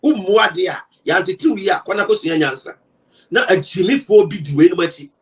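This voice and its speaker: A Ghanaian man with a high, lively voice delivers heated political commentary. He throws out rhetorical questions and switches between English and Twi, and he sounds set back from the mic. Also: a little fast, far from the mic, poor audio. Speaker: broadcaster.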